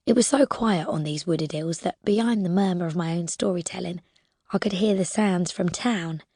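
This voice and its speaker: A woman narrating a first-person adventure audiobook in a lively, expressive way, now and then dropping to a whisper. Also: on the low side, normal speed, slightly rough, no echo, studio quality.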